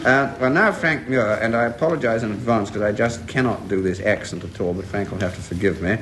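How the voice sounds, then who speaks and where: A man hosting a radio panel quiz and reading verse aloud in a measured way, enjoying the quotations. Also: on the low side. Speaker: quiz host. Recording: faint hiss of an old radio tape. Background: studio audience laughter.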